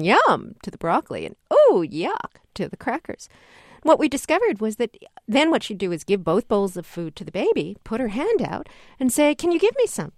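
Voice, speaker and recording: A middle-aged woman, a guest researcher on a radio call-in show, explaining with lively emphasis. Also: medium pitch, dry recording, studio quality. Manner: animated explainer, acts out voices in quotes. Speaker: guest researcher on child development.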